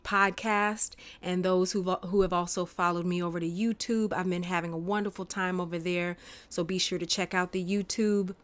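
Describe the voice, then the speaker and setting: A woman hosting a solo podcast from home, chatting in a bubbly, rambling way. Her voice sits a little low for a woman. She fills gaps with ums. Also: a bit bright. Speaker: podcast host. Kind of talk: casual solo podcast chat. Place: home, by a window.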